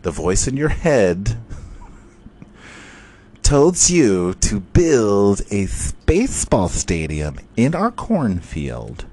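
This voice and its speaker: A man's voice: on the low side, huge pitch swings, slow, darkish tone, a little hiss or hum, full character voice. A man voicing a skeptical, exasperated wife who sarcastically questions her husband. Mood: incredulous. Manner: incredulous, sarcastic.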